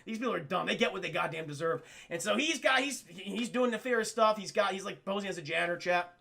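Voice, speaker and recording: Gravelly, excitable male streamer. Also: high voice, fast talker. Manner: excitable, profane, keeps addressing chat. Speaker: streamer reviewing films live. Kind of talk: casual live-stream film recap.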